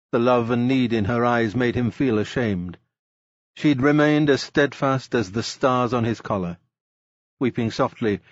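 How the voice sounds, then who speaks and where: A man narrating a literary novel as an audiobook in a measured, even reading. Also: medium pitch, no echo. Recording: dull lo-fi dry recording.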